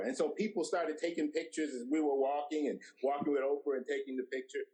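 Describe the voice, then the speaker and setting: A man's voice: on the high side, fast talker, few pauses, rough recording. A middle-aged man, a guest director, telling stories in an interview and acting out quoted dialogue. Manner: animated storyteller who acts out quoted dialogue. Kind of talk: anecdotal storytelling interview.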